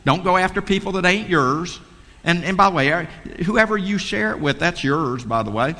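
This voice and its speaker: A man's voice: sits high, lively intonation, normal speed, bright, forceful tone. Fervent man in a reverberant hall. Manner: fervent, folksy, repetitive, preachy. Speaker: speaker at a sales meeting. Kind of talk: motivational sales talk.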